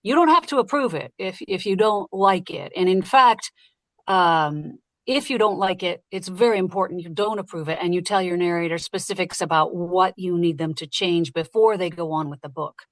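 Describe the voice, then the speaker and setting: A woman who narrates audiobooks, talking casually and lively in an interview and laughing easily. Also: on the low side, dry recording. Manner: lively, chatty, quick to laugh.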